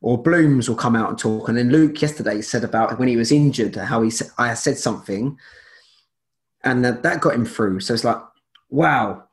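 A man's voice: mid-range voice, normal speed. A man speaking as a guest in a casual interview, rambling with many restarts and fillers.

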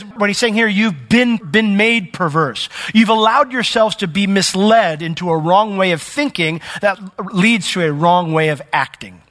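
A man preaching a sermon with earnest emphasis, rising sharply when he urges his listeners and dropping low for heartfelt points. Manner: earnest, preacherly, climbs high and loud when urging. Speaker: pastor.

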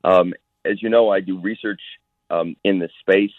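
A man who is a physician, calling in as a guest to a radio interview and speaking in a measured way with frequent hesitations. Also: low voice, fairly even intonation, no echo. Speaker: guest physician and school board candidate. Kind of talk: phone-in interview. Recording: tinny phone line.

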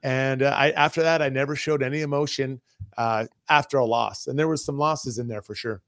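A man who used to play pro hockey, co-hosting a radio show and telling an animated locker-room story. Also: mid-range voice, a little fast, dry recording, studio quality. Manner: animated, acts out quotes. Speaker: co-host, former hockey player. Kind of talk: casual storytelling.

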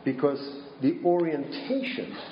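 A man preaching a sermon slowly and deliberately, posing rhetorical questions to his congregation. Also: a little high, sing-song, reverberant, dull audio, a little hiss or hum. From Minnesota.

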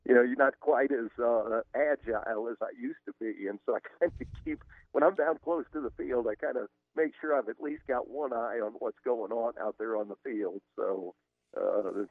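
A man's voice: mid-range voice, normal speed, dry recording, phone-quality sound. Good-humored man in his fifties. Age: 50s. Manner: good-humored, chuckles while talking. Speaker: guest, sports mascot and author. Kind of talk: casual radio interview.

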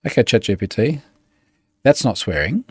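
A man's voice: fairly low pitch, big pitch swings, normal speed, husky, no room sound, studio quality. Amused man chatting loosely. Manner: chatty and amused, laughs often. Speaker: podcast host. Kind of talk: casual solo show talk.

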